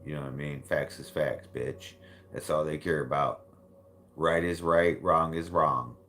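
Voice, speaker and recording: A man's voice: extremely low pitch, steady tone, a little slow, fairly bright tone, slight background noise. A man hosting a casual talk stream, speaking bluntly with frequent swearing and laughter. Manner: blunt and profane, laughs often. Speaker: livestream host. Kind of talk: casual chat.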